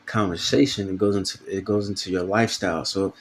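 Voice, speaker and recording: This preacher has a low voice, fairly even intonation and a quick delivery, with a faint hiss or hum in the audio. His video sermon is informal, casual and profane, packed with fillers, and he reads scripture aloud between his comments.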